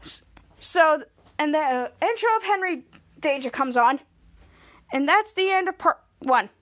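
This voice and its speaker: Brief: podcast host, woman with a very high voice, casual recap, run-on rambling delivery. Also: lively intonation, unhurried, fairly bright tone. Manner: rambling run-on retelling, many "and"s.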